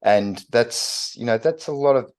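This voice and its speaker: A middle-aged man co-hosting a casual podcast chat, calm and supportive, prompting his partner with questions. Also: medium pitch, unhurried. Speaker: podcast co-host.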